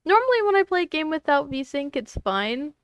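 A woman's voice: sits high, very animated, normal speed, dry recording, highs cut off. A young woman streamer chatting casually to viewers, exasperated and swearing at her technical trouble. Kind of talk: casual live-stream chat.

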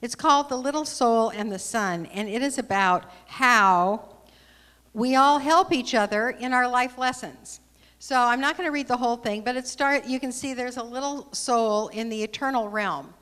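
Woman talking to a congregation, bit high voice, chatty, long echo of a hall. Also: smooth. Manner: warm, conversational, with fillers. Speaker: speaker at a spiritual service. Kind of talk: speaking and reading a story aloud. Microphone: handheld microphone.

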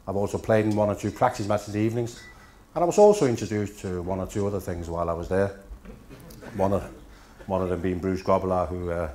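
Danish guy in his 50s telling dinner stories, lowish voice, deadpan punchlines, function room mic. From Denmark. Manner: dry storytelling with punchlines. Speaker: after-dinner guest speaker. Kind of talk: after-dinner anecdote telling.

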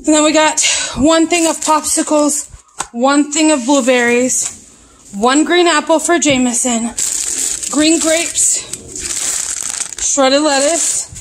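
A woman's voice: high-pitched, slow, pauses often, slight background noise, poor audio. A woman vlogging a casual grocery haul at home, chatting as she lists each item one after another. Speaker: mom vlogger.

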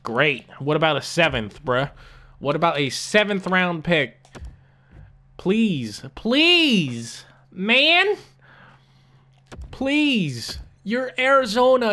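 A man's voice: a little high, a bit bright. A young man giving casual gameplay commentary as a gaming YouTuber, frustrated and swearing, repeating himself with lots of fillers.

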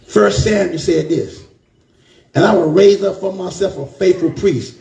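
A man preaches a fervent sermon with a high-pitched voice. His tone has a gravelly rasp, and he keeps calling out to his congregation. The sound echoes around a roomy church. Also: a little slow, dark tone, dull audio.

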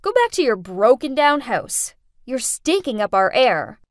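A woman's voice: on the high side, big pitch swings, a little slow, dry recording, studio quality. A woman voicing a spoiled, cruel rich teen girl who talks down to others in a storybook narration. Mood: scornful. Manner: haughty, cutting.

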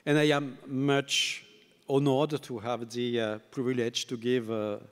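An older man with a French accent giving a conference keynote, tired and halting, with many fillers and self-deprecating remarks. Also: medium pitch, little pitch movement, a little hiss or hum. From France. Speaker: keynote speaker. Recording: long hall reverb.

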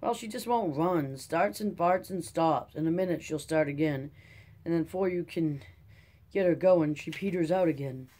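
A reader doing a weary Dust Bowl farmer who rambles on in a folksy drawl. The voice is mellow and dark, with ordinary pitch and a story told at an unhurried pace. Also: close to an everyday voice. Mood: hopeful. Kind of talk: audiobook character reading.

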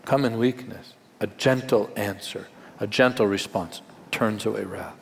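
A man's voice: lowish voice, unhurried, gravelly, a little hiss or hum. A man, a pastor, preaching a live Sunday sermon in a conversational, emphatic way with wry humor. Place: large church auditorium. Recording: long hall reverb in live church.

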